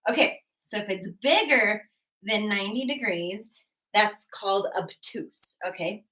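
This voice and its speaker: A woman's voice: mid-range voice, lively intonation, unhurried, pushed and bright. A woman teaching a live online math lesson, bubbly and encouraging, chatting with viewers between steps. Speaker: GED math tutor. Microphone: webcam.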